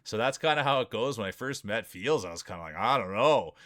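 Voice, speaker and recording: A man's voice: on the low side, expressive, fast, a bit bright. Joking hype-man marble race streamer. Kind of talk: live marble race commentary.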